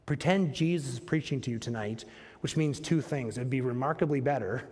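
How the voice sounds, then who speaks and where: A man's voice: medium pitch, brisk, a little mellow, breathy edge. Man preaching in a reverberant church. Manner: conversational, rhetorical questions to the congregation. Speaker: pastor. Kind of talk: sermon. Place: church sanctuary.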